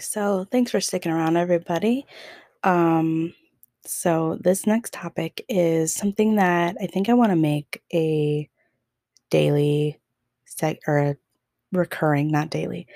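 A woman's voice: lowish voice, mellow, dry recording, clean studio sound. A young woman hosting a podcast, telling a story in a casual, chatty way with lots of fillers and laughs. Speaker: podcast host.

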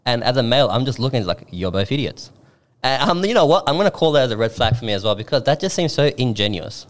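A young man co-hosting a podcast in casual chat, animated and quick to laugh. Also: mid-range voice. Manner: animated, laughs often, mimics voices. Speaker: podcast co-host.

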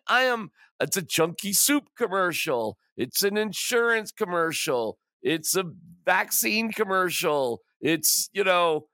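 Male podcast host, forceful bright tone, emphatic frustrated delivery. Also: a little high, no room sound, studio quality. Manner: exasperated, emphatic, stammering restarts. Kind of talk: casual sports rant.

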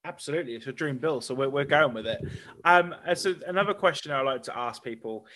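A man's voice: medium pitch, quick pace, sharp tone. A man hosting a podcast, joking and laughing often with sarcastic asides. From Australia. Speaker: podcast host. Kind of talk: casual podcast interview.

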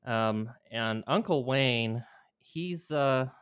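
A man's voice: medium pitch, drawn-out words, a bit bright, clear, resonant tone, no echo, clean studio sound. A man telling a rambling, profane story in a casual chat.

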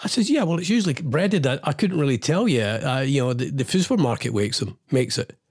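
A man's voice: mid-range voice, expressive, a little fast, husky. Ranting male radio host. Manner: exasperated, rambling, wry asides.

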